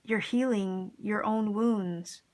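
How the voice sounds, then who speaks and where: This is a woman giving a casual tarot reading at an everyday, mid-range pitch. She talks straight to her viewers in an enthusiastic, encouraging way and drops in plenty of casual slang. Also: takes it slowly, a little mellow. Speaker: tarot reader.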